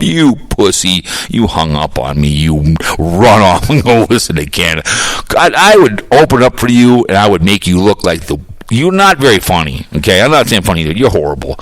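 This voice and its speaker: A man's voice: sits low, very animated, normal speed, few pauses, no room sound, low-quality recording. An older man hosting a podcast, arguing and ranting with crude, mocking insults. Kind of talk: heated argumentative rant.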